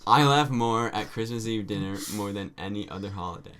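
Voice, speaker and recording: A man's voice: fairly low pitch, fairly quick, very noisy. A man co-hosting a casual podcast chat, joking and giggly, with rambling restarts. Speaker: podcast co-host.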